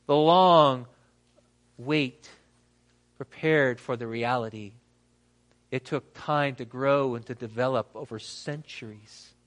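A man with a fairly high voice preaches a sermon. He reads scripture aloud and acts out the quoted lines. He leaves dramatic pauses between phrases. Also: a bit bright. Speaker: pastor.

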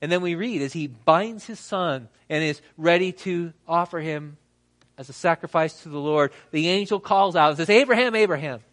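A man preaching a sermon, reading scripture and acting out quotes with dramatic pauses. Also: on the high side, fairly bright tone. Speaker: pastor.

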